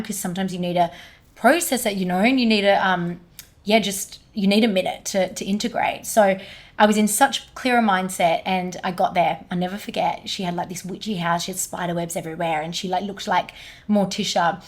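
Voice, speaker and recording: A woman, a guest energy healer, telling a personal story in animated casual conversation with lots of "like". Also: fairly low pitch, brisk. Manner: animated, many fillers like "like".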